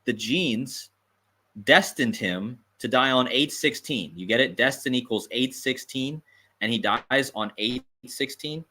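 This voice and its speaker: A man's voice: medium pitch, a little slow, sharp tone. A man hosting a livestream, talking emphatically and repeating his points with amused asides. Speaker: host. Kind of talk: livestream commentary.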